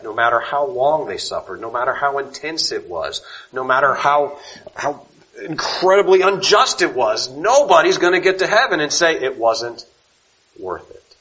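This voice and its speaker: A man's voice: mid-range voice, lively intonation. Male preacher with a dynamic delivery and a mid-range voice; recording a bit muffled. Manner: dynamic, swings from loud emphatic to soft and slow. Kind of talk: sermon.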